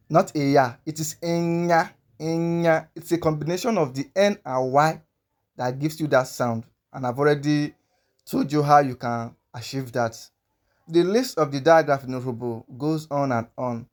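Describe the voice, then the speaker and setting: A man teaching a pronunciation lesson, speaking slowly and patiently and repeating each sound many times. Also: medium pitch. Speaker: language teacher.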